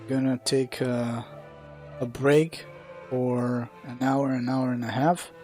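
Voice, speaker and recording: A man chatting through a long live gaming session at an even, middling pitch, unhurried for most of it. He swears freely and reacts wryly to the game. Faint music runs underneath him. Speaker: game streamer. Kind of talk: casual gameplay commentary on a live stream.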